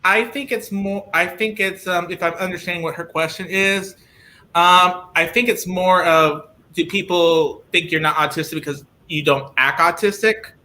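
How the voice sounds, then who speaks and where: A man being interviewed over a video call, who often restarts his sentences while he searches for words and says he talks loudly. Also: high-pitched, steady tone, normal speed. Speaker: guest. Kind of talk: live-streamed interview.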